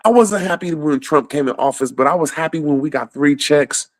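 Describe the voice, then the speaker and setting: A man's voice: fairly high pitch, a little fast, no echo. A man ranting casually about politics, swearing a lot and laughing often between points. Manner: profane, rambling, laughs often.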